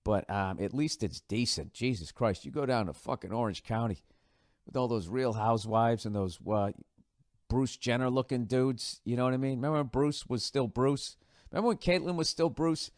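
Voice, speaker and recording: A man's voice: medium pitch, moderate pace, darkish tone, no echo, clean studio sound. A man in his forties with a Boston accent hosts a podcast, rambling casually in a sarcastic, profane, offhand way. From United States. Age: 40s. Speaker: podcast host.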